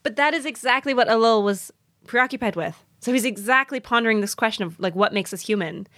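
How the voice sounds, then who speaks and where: A woman's voice: a little high, brisk, fairly bright tone, no echo. A woman co-hosting a podcast, walking her partner through a story in a casual, explanatory way. She laughs easily between points. The recording is dry, with no room sound. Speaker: podcast host.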